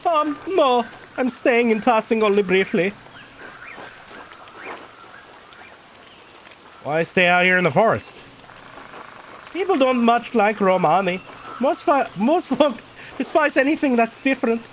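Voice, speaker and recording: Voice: mid-range voice, huge pitch swings, measured pace, hardly any pauses, bright, forceful tone, a little hiss or hum, voice pushed up, exaggerated voice, low-quality recording. A streamer voicing a wandering male tinker in a game, eager and thoughtful. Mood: earnest. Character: Romani man, wandering tinker, earnest. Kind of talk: game dialogue read aloud.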